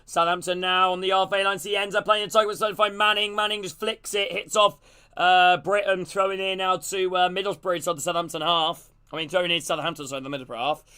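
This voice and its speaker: A man streaming a live football watch-along, calling the play and greeting his chat in a casual, excitable way. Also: high-pitched, a little fast, smooth. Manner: casual, greets chat between plays, gets loud and excited on attacks.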